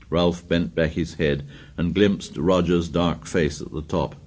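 Low-voiced male audiobook narrator. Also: fairly even intonation, measured pace, darkish tone. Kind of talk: scripted narration.

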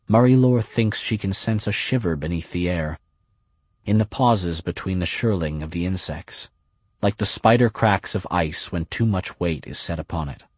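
A man reading a novel aloud in a measured, lyrical way. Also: low voice, darkish tone, slightly rough, no room sound. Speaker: audiobook narrator. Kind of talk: scripted narration.

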